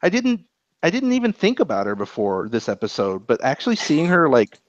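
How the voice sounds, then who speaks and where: Animated rambling podcast guy, lo-fi sound. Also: fairly high pitch, a little fast, no room sound. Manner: animated, rambling, swears freely. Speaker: podcast co-host. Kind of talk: casual chat, reviewing anime episodes. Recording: dull lo-fi podcast audio.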